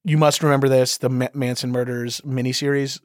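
A man in his thirties hosting a casual podcast chat, swearing often and laughing through quick asides. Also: medium pitch, level tone, no echo, studio quality. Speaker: podcast host. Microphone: studio mic with headphones.

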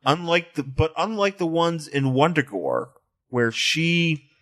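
A man with a fairly high voice co-hosts a loose, joking chat about a comic. He talks in an animated way, laughs often, swears freely and jumps into quick impressions of the characters. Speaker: podcast co-host. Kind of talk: casual comic-book chat.

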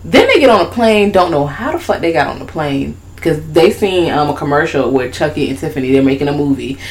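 Animated, profane woman recapping a movie. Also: a little fast, a little hiss or hum. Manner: profane, animated, slips into high-pitched character voices when retelling scenes. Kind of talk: casual movie recap chat.

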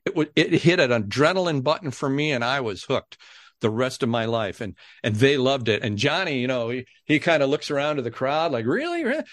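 A middle-aged man, a podcast guest, telling a story in a lively way and acting out the people in it. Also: medium pitch, fairly quick, dry recording. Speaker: podcast guest, game show announcer. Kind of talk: animated storytelling.

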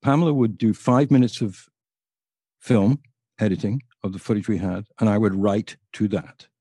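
Husky older man telling stories. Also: fairly low pitch, normal speed, dry recording, studio quality. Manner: animated anecdotal storytelling. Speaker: guest storyteller. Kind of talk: podcast interview.

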